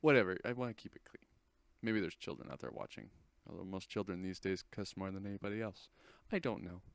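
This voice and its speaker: A man's voice: low voice, quick pace, gravelly, dry recording. A teenage man hosting, rambling casually and correcting himself as he comments on an install. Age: teens. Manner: chatty, rambling, self-correcting. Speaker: host. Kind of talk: casual commentary over a screen recording.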